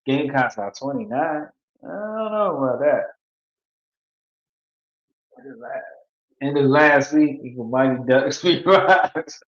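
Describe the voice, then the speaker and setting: A man's voice: mid-range voice, expressive, a little slow, pauses often. A man hosting a casual sports talk show, reading out viewers' picks in a loose, playful way and repeating himself. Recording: echoey, dull lo-fi sound.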